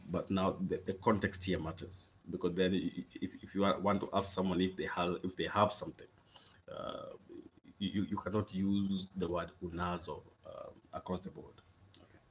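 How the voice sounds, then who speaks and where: A man teaching useful phrases in a casual lesson, patiently repeating each one slowly and checking in with frequent okays. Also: sits low, a little hiss or hum. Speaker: Swahili language teacher. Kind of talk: casual spoken language lesson.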